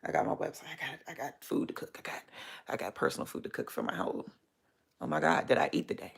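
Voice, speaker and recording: A woman's voice: low voice, wildly swooping pitch, fast talker, gravelly, breathy edge. A woman vlogging from home, a small business owner venting in a blunt, profane, rambling way. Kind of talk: casual venting vlog.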